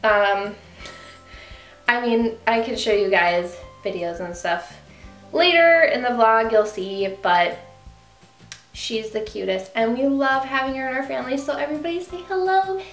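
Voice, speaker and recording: A woman's voice: measured pace, roomy sound, faint music behind. Bubbly young woman vlogging at home. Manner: gushing, rises to high baby talk with the puppy. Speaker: beauty vlogger. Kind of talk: casual vlog chat. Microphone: camera with ring light.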